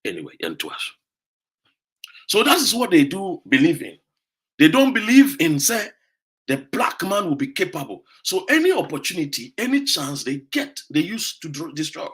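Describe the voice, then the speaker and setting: A man's voice: fairly high pitch, wildly swooping pitch, normal speed, a bit bright. A Ghanaian man with a Ghanaian accent, giving an emphatic, accusatory political monologue that mixes English and Twi. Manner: switches between English and Twi, repeats "what you say?". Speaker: political commentator.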